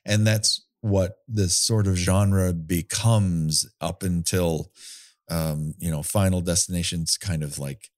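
A man's voice: low-pitched, steady tone, slow, dry recording, clean studio sound. A man co-hosting a casual chat about horror movies, rambling and wry, with casual swearing. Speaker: podcast co-host.

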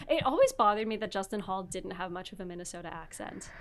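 A podcast host chats casually about a film, using lots of fillers and the occasional swear. Her mid-range voice is expressive and a bit bright, and she talks fast.

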